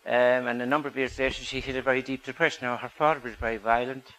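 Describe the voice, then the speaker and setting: A man's voice: mid-range voice, steady tone, fast talker, fairly bright tone, poor audio. A man giving a public talk as a psychologist, earnest and asking the audience rhetorical questions.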